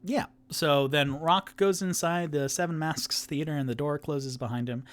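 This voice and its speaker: A man's voice: a little high, moderate pace. A man who is the game master and sole player of a tabletop game, narrating in a rambling, casual way.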